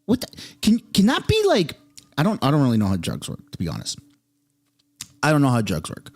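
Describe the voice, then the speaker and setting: A man from Canada giving excitable, swearing live commentary as he reacts to political clips. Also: mid-range voice, a little fast, husky.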